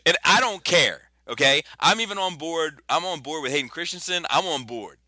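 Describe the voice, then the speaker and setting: Animated, bright-voiced man chatting casually. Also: on the high side, no room sound. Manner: profane, animated, quick bursts of excitement. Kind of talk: casual chat.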